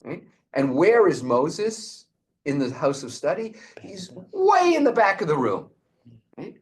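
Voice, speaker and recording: Male host-teacher, slow and lively storyteller, fairly high voice. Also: slight background noise. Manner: animated storyteller, frequent restarts.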